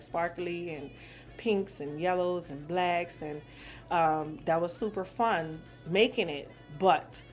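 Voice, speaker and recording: A woman in her forties from New Orleans, answering questions in a blunt, profane casual chat and laughing easily. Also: on the low side. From New Orleans, USA. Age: 40s.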